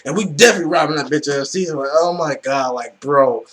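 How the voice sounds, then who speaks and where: Man, reaction video host, casual commentary, excitable, swears a lot, high voice. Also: quick pace. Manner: excitable, swears freely, filler-heavy with frequent "like".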